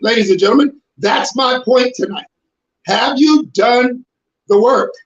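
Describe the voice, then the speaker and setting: High-pitched male preacher who pushes hard and shouts for emphasis, recorded roomy and lo-fi. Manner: emphatic, confrontational, with sudden shouted bursts. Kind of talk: preaching to a congregation. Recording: roomy, dull lo-fi sound.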